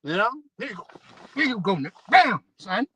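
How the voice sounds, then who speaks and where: A man preaching a fiery, profane sermon in rough slang, reading scripture aloud and repeating "man" and "you know". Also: sits high, big pitch swings, a little fast, sharp tone, poor audio. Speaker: street preacher.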